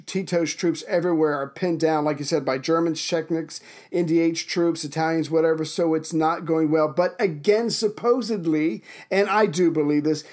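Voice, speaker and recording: Man, co-host, emphatic storyteller, casual history chat, fairly high pitch. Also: fairly even intonation, moderate pace, few pauses, a little mellow. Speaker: podcast co-host.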